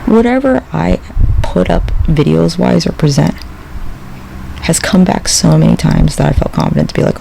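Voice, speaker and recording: A podcast host rambles through a sardonic, profane monologue. His voice is high and heavily gravelly, with a faint hiss behind the recording. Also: lively intonation, normal speed, dark tone, rough recording.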